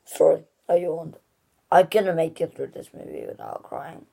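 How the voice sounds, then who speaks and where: A woman's voice: low voice, huge pitch swings, normal speed, gravelly, mellow. A woman hosting a casual spoken movie review, gushing and rambling with lots of "like" and restarts.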